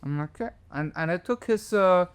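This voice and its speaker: A man as a podcast guest, telling a story in casual conversation, animated and full of restarts. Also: sits high, moderate pace, clear, resonant tone. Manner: animated, jumps into voices, many restarts.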